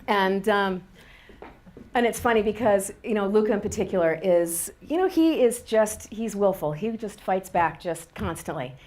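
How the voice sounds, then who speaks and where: A middle-aged woman telling a wry, animated personal story about parenting, often laughing as she talks. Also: medium pitch, moderate pace.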